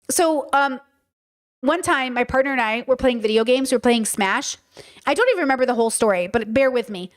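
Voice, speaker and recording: Woman podcast host, pretty high voice, casual frank talk, keeps asking "okay?". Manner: chatty, frank, checks in with listeners. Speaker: podcast host answering chat.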